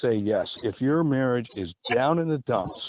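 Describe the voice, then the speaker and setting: A man's voice: medium pitch, expressive, no echo. Rambling opinionated man on a tinny line. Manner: rambling, opinionated, drawn-out emphasis. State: out of breath. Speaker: podcast host. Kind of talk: casual monologue. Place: outdoors by a river. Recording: tinny phone-like audio with background noise.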